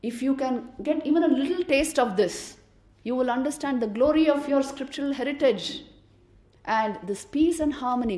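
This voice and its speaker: Woman monastic, emphatic storyteller, higher voice, echoey lecture hall. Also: a little mellow. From India. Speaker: monastic speaker. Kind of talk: spiritual lecture.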